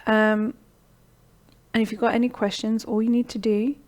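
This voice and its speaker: A middle-aged woman hosts a live online session and talks viewers through her program. Her voice is mellow and warm, and she keeps it encouraging. She checks in with a steady "okay?" as she goes. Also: a little high, normal speed. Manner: encouraging, repeats "okay?" often. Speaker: online course host. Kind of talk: live-streamed sales pitch and Q&A.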